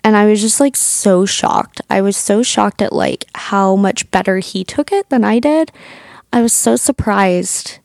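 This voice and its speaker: A woman in her thirties telling a personal story on her podcast, chatty and animated, with lots of "like" fillers. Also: mid-range voice, unhurried, creaky, no echo, studio quality. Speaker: podcast host, doula.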